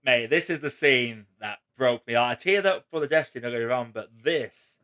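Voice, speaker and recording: A man hosting a casual spoiler chat, retelling movie scenes in an emotional, animated way. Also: medium pitch, moderate pace, clean tone. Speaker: host.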